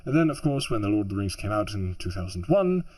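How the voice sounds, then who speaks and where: A man's voice: lowish voice, big pitch swings, fast, a little mellow. A man who produces audiobooks, rambling casually through interview answers with many fillers and restarts.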